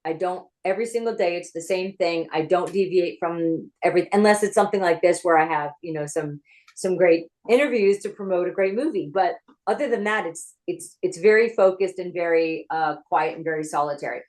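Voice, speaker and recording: A woman screenwriter and former actress telling her story in an interview, talking in a chatty, animated way from her home office over a video call. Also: on the low side, fairly quick, poor audio.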